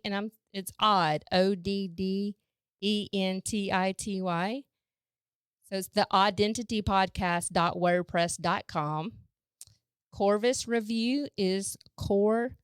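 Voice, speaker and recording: A woman's voice: medium pitch, clear, resonant tone, dry recording, clean studio sound. A woman with a Southern American accent, a podcast host reading an episode intro and spelling out web addresses. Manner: reads out links and spells web addresses slowly.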